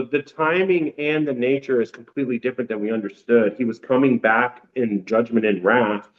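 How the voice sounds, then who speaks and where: A man's voice: medium pitch, steady tone, a little fast, few pauses, highs cut off. A man as a guest on a podcast, talking earnestly and animatedly, repeating himself for emphasis. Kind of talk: casual podcast conversation.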